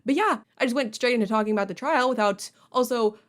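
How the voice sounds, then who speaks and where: A woman's voice: fairly high pitch, fast. A young woman chatting casually and rambling with lots of fillers as she plays through a game. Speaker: let's play host.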